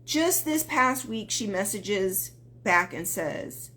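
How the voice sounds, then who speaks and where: A woman's voice: mid-range voice, expressive, slow pace, sharp tone. A woman dating coach talking on a live stream, earnest and emphatic, greeting viewers as they join.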